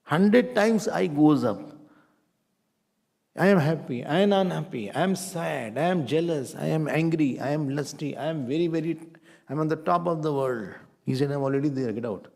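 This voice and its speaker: A middle-aged man with an Indian accent, teaching a spiritual class in a lively, playful way. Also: on the high side, normal speed, creaky. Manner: animated, playful, mixes Hindi phrases. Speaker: Vedanta teacher.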